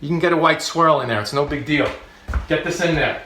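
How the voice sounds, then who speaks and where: A man's voice: fairly high pitch, a little fast, echoey room, heavy background noise. A man hosting a comedic cooking demonstration in a home kitchen, chatty and jokey, laughing often and repeating his points for emphasis. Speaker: cooking show host.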